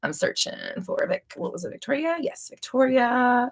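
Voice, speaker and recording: A woman's voice: on the high side, big pitch swings, moderate pace. A young woman hosting a live Q&A stream, rambling and casual with frequent restarts and swearing. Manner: rambling, profane, chatty with restarts. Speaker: livestream host.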